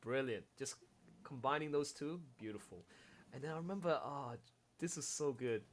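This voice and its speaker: A man directing an audio drama, hosting a casual, excitable watch-along and laughing often as he gushes about scenes. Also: mid-range voice, brisk, slight background noise. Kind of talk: casual commentary chat.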